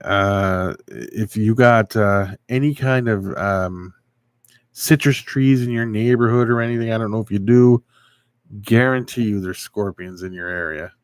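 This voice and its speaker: A man's voice: fairly low pitch, measured pace, no room sound, clean studio sound. A man hosting a casual livestream, answering viewers and rambling through a story. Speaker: livestream host.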